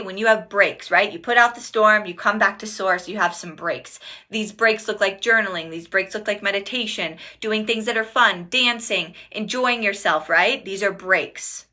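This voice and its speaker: Bright-voiced woman giving a spiritual pep talk. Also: mid-range voice, moderate pace, few pauses. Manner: chatty, swears, laughs often. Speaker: spiritual teacher. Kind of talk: casual livestream talk.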